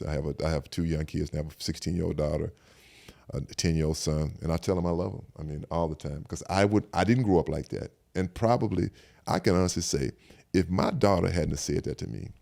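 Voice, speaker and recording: A deep, gravelly older man with a Southern American accent talks quickly through a personal story. He speaks in a relaxed, reflective way, and keeps stacking "I said" as he replays old conversations. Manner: reflective, repeats "I said" while retelling conversations. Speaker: podcast guest. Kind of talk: casual storytelling chat.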